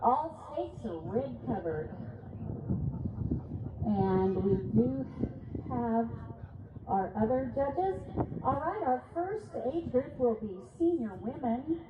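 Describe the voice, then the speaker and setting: A woman announcing results and reading rules over an arena PA at a horseback event, measured and deliberate, apologizing when she stumbles over names. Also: on the high side, animated, narrow, tinny audio. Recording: echoey arena PA, phone-thin, noisy.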